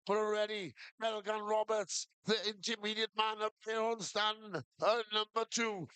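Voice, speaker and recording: A man giving steady blow-by-blow live commentary on a shearing competition. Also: high voice, moderate pace, clear, resonant tone, no room sound. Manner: steady blow-by-blow calling of each shearing move. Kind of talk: live sports commentary over a PA.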